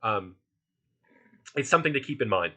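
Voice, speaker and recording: Bright-voiced man with a Philly accent. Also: fairly low pitch, lively intonation, normal speed. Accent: Philadelphia. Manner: chatty, loose, many fillers and restarts. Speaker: workshop instructor. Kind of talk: casual online workshop talk.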